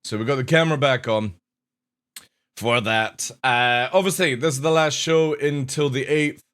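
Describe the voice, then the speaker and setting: A male streamer chats casually with his viewers at a mid-range pitch. He rambles from thought to thought and laughs easily at his own remarks. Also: moderate pace, a bit bright, clear, resonant tone. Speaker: streamer and show host. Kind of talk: casual live stream chat.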